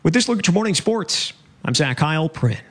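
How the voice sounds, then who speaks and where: Higher-voiced man giving sports news. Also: sing-song, moderate pace, fairly bright tone. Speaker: sports reporter. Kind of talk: scripted sports report.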